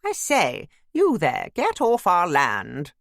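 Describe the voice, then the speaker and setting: An excitable young wife from an audiobook, as a reader voices her, pitched well up, loud and eager. Her lines come out bright and bursting, set against dry, close narration. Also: fast talker, no room sound. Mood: excited, playful. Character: excitable, self-conscious young wife newly moved to the country. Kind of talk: audiobook character voice.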